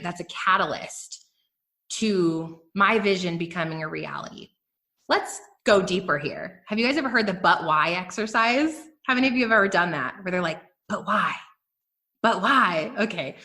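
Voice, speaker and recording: A woman hosting a business podcast, giving energetic, emphatic motivational talk straight to her listeners. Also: lowish voice. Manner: energetic, emphatic, addresses listeners as "you guys". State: emotional, near tears. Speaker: podcast host and business coach.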